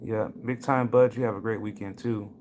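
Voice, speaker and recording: A man's voice: lowish voice, fairly even intonation, moderate pace, darkish tone, slight background noise. A man hosting a casual cannabis livestream. He tells stories and greets viewers by name in a chatty way. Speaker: livestream host. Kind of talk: casual live-stream talk.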